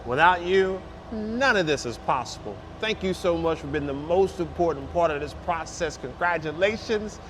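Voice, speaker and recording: A man's voice: on the high side, expressive, moderate pace, few pauses. A man demonstrating a forklift outdoors, exuberant and hyped, repeating his praise and whooping as he drives. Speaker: forklift salesman demonstrating a lift. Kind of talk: enthusiastic product demo. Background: faint outdoor and vehicle noise.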